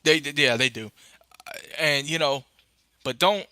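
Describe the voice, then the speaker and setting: Bright, rambling young man on a tech podcast. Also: fairly high pitch, unhurried, clear, resonant tone, no echo. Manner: rambling, fillers, excitable bursts. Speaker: podcast host. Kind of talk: casual live-stream tech chat. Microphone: phone.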